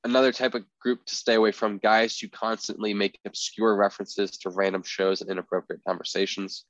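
A young man with a lowish voice talks through a casual podcast segment, rambling and leaning on filler words. The recording is dry and a little dull. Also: level tone, fairly quick, no room sound. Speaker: podcast co-host.

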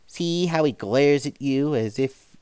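A man voicing a rough gravedigger who calls out loudly and mocks. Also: medium pitch, slow pace, no echo, natural voice. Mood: mocking. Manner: loud, exclaiming. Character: rough, mocking male gravedigger.

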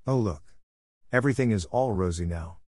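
Guy putting on a sweet little girl, gentle and wide-eyed, pitched up from his low voice in a dry room. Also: animated, normal speed, no room sound. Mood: excited. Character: eager, tender little Swiss girl.

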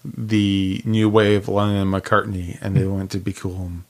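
With a low, level, slightly mellow voice, this podcast co-host talks about music in an easygoing way. He laughs readily and fills his speech with filler words.

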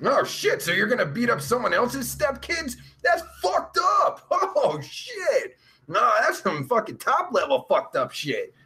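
A man's voice: very high-pitched, wildly swooping pitch, unhurried, pushed and bright. A man hosting his live show alone at home, reading the chat and ranting in a profane, rambling, laughing way. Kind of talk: casual live-stream chat.

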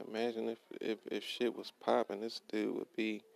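Swearing in a flat, steady monotone, a young man with a gravelly low voice complains bluntly about his workday. He goes over the same points repeatedly and recites the retorts he gave. His pace is moderate, and the recording quality is poor.

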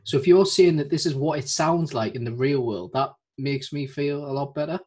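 A man's voice: fairly high pitch, normal speed, darkish tone, breathy edge. A man with a regional British accent, co-hosting a podcast in casual, self-deprecating chat. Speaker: podcast co-host.

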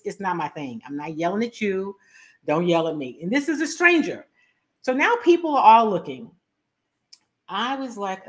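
A middle-aged woman hosting a talk show, telling a story with lively, animated delivery and acting out both sides of a quarrel. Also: on the low side. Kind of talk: storytelling commentary.

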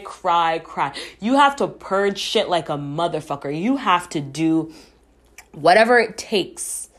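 A woman hosting a podcast, giving an earnest, encouraging monologue with candid talk and frequent swearing. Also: on the low side. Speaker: podcast host. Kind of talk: casual reflective monologue.

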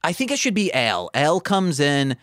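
A man's voice: on the high side, big pitch swings, moderate pace, a bit bright, dry recording, studio quality. A man co-hosting a podcast, rambling through comedy ideas with lots of fillers and acted-out bits. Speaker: podcast co-host. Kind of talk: casual comedy brainstorming.

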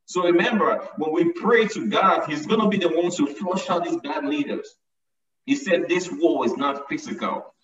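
A man's voice: a little high, normal speed, a bit bright. Man preaching from far off in an echoey room. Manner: emphatic, repeats lines for stress. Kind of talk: sermon. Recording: echoey, distant, dull sound.

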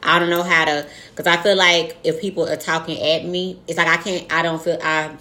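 Young woman, low voice, blunt and profane, animated candid talk. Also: brisk. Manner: frank, profane, animated storytelling with acted-out quotes. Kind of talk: casual candid chat.

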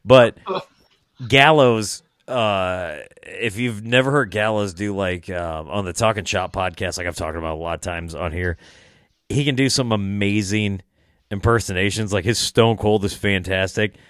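Low-voiced male podcast guest, rambling and laughing, dry sound. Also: unhurried, a bit bright, dry recording. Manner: rambling, laughs often, swears freely. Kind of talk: casual podcast chat.

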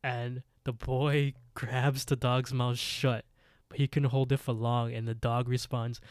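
A man's voice: mid-range voice, little pitch movement, measured pace, a little mellow, clean tone, no room sound, studio quality. A man co-hosting a podcast, retelling a scary story in casual chat with lots of fillers. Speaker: podcast co-host.

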